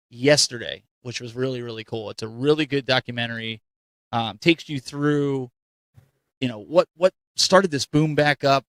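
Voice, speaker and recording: A man at mid pitch hosting a casual chat show, upbeat and animated in his delivery. He talks close to the mic in a dry room. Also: dry recording. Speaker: host.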